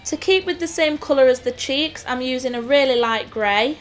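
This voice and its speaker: A woman's voice: high voice, normal speed. Midlands woman narrating a makeup tutorial. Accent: English Midlands (Nottingham). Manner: clear step-by-step explaining. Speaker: makeup artist host. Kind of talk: scripted tutorial voice-over. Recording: voice-over with faint music.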